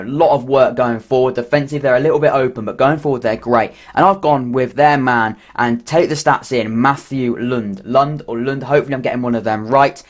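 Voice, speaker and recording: A young man hosting a solo football podcast, rambling through stats with chatty asides and frequent self-corrections. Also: medium pitch.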